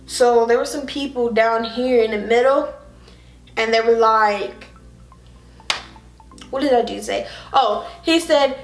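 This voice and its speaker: A young woman telling an exasperated, animated story about a trip to the movies, in a sassy, casual vlog style. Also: a little high. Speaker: vlogger. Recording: roomy echo, faint music behind.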